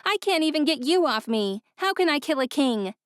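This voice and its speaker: A woman voicing a defiant young heroine in an audiobook, raising her voice high and loud. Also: expressive, moderate pace, no echo, studio quality.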